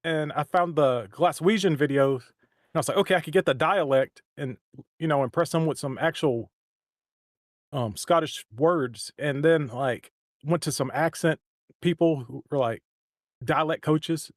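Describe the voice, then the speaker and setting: Rambling man with a higher voice. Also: unhurried, dry recording, clean studio sound. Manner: rambling, with many restarts. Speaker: voice actor and stream co-host. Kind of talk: casual chat.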